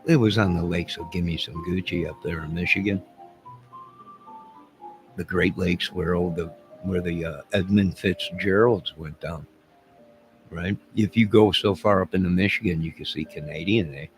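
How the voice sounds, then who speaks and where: A man's voice: deep voice, steady tone, moderate pace, soft background music, rough recording. An older man hosting his own channel, talking in a loose, joking, rambling way and chuckling as he goes. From United States. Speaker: channel host. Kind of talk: casual rambling monologue.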